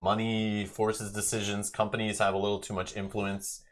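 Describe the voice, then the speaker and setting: A man's voice: on the low side, completely flat delivery, moderate pace. A Canadian man co-hosting a live stream, chatting casually and rambling, often laughing. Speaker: stream co-host. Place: home room, Canada.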